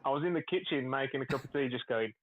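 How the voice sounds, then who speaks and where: A man's voice: mid-range voice, fast. Joking man on a tinny call. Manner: joking, swears freely, laughs at himself. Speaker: day trader on a group stream. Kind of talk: casual banter. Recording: tinny phone-like call audio.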